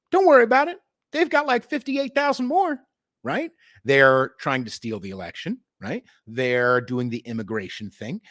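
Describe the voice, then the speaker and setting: A man's voice: medium pitch, no echo, studio quality. A middle-aged man hosting a podcast, ranting about politics with profanity and sarcasm, now and then mocking others in put-on voices. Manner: animated, sarcastic, mocks others in put-on voices, swears a lot. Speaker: podcast host.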